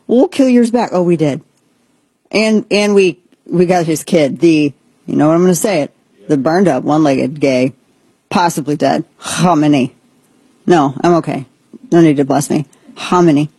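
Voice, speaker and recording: A woman delivers political commentary as a show host. She is blunt and sarcastic and throws in quick asides. Her voice is husky and mellow, and the recording is dry. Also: lowish voice, no echo.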